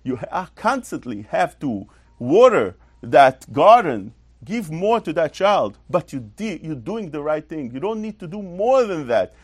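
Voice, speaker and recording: A Torah teacher gives a religious lesson in an animated, emphatic way, leaning on rhetorical questions and repetition. His voice is on the high side and slightly rough, at a measured pace, in a dry recording.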